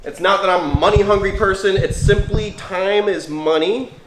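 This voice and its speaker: A man's voice: sits high, normal speed, noisy background. A young man hosting a casual livestream as a reptile keeper, talking enthusiastically about his animals. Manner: enthusiastic, chatty. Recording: echoey room.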